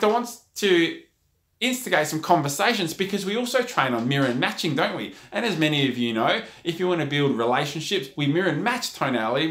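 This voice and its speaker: Man coaching, fairly high voice. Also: fairly bright tone. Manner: storytelling, coaching, poses questions to viewers. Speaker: sales and communication trainer. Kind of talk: motivational video talk to camera. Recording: echoey room.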